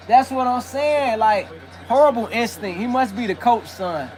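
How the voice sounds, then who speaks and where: A man's voice: very high-pitched, moderate pace, a little mellow. A man hosting a livestream, giving heated and profane sports commentary in a brash, rambling way with restarts. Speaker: livestream host. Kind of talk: live sports commentary chat.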